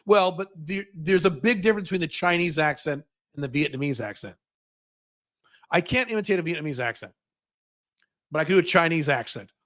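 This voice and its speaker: A man runs a livestream Q&A, answering viewer questions one by one. He speaks in a fairly high voice. He is blunt and opinionated and swears freely. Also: expressive, a little fast, long pauses, a bit bright. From United States.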